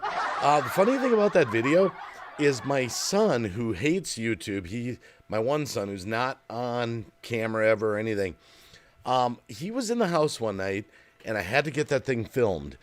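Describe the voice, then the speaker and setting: A man's voice: mid-range voice, expressive, unhurried. A middle-aged man from Wisconsin chatting casually on a live stream, rambling and reading chat comments aloud. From Wisconsin, USA.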